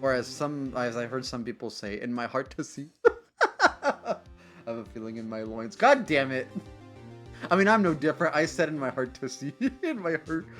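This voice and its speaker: A man chatting through a video game stream in a loose, playful way, giggling between lines. His pitch bounces around a lot, close on a desk mic. Faint game music sits in the background. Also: big pitch swings, normal speed, a bit bright. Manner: giggly, playful, silly voices. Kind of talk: casual game-stream commentary.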